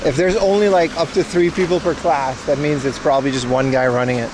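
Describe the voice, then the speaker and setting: A man's voice: fairly high pitch, steady tone, a little fast, noisy background. A young man hosting a livestream, chatting casually and jokingly with viewers while walking outdoors through town streets. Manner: joking, wry, rambling. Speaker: livestream host. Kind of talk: casual chat with stream viewers.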